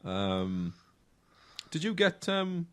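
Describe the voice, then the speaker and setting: A man's voice: fairly high pitch, big pitch swings, drawn-out words. A man telling a crude story in casual podcast chat, hesitant and full of ums. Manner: rambling, hesitant, lots of ums, crude humour. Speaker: podcast co-host.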